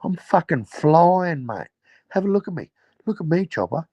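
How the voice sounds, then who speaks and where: A man's voice: on the high side, big pitch swings, moderate pace, dark tone, breathy edge, no echo, lo-fi sound, pitched above the performer's own voice, full character voice. A man voicing a boastful, swearing gangster with a limp. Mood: cocky. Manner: cocky, brash, swearing. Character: boastful limping male Australian gangster.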